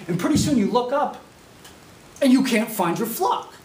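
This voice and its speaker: Guy preaching a sermon, high voice that jumps all over, acts out little voices, echoey room, mic kinda far, faint hiss. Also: lively intonation, moderate pace, a little mellow. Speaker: preaching student. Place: university classroom.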